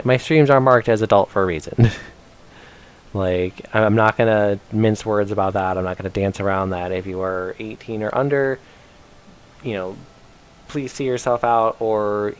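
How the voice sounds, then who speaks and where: A man giving casual commentary while he streams a game, chatty and rambling with plenty of fillers. His voice sits on the low side and sounds smooth and clean.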